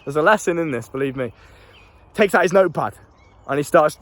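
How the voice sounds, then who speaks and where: A young British man telling a story in a casual, animated way, laughing often and swearing freely. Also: a little high, fairly quick, dry recording. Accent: British English. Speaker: self-improvement YouTuber.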